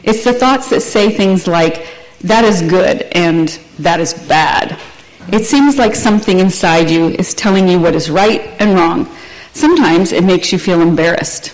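A woman reading the part of a kind, patient mother who gently explains things to her daughter in a storybook read aloud. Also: lowish voice, measured pace, close to an everyday voice, low-quality recording. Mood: gentle.

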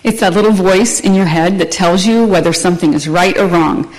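A kind, patient mother from a storybook, explaining things gently, as a woman reads her part. Her voice sits a little low and even, steady and unhurried. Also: natural voice, rough recording. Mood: gentle. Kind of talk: read-aloud storybook.

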